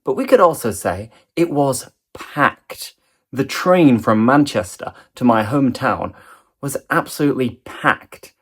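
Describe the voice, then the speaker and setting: A man's voice: medium pitch, lively intonation, unhurried, breathy edge. A man with an English accent teaching a language lesson at home. He acts out each example sentence expressively. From England.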